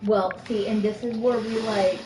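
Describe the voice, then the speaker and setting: A woman's voice: medium pitch, normal speed, echoey room, recorded from a distance, noisy background. A woman telling a personal story in a casual chat, quoting others as she goes. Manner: animated storytelling, quoting others, laughing often.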